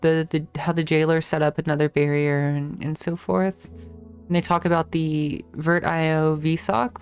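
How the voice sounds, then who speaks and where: A woman hosting a casual live-stream tech talk, thinking aloud with restarts, self-corrections and casual swearing. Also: lowish voice.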